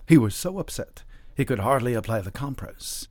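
A man reading a classic novel aloud as an audiobook narrator, in a measured storytelling manner. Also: mid-range voice, animated, darkish tone, dry recording, studio quality.

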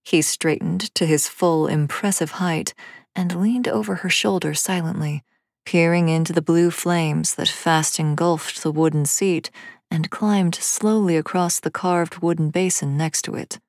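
A woman narrating a storybook reading in a steady, measured way. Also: on the low side, no room sound, clean studio sound.

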